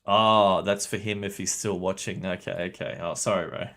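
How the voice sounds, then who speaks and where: Low-voiced man chatting on stream. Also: steady tone, normal speed, bright, forceful tone. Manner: chatty, swears, laughs often, talks to chat. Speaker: game streamer. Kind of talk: casual livestream commentary.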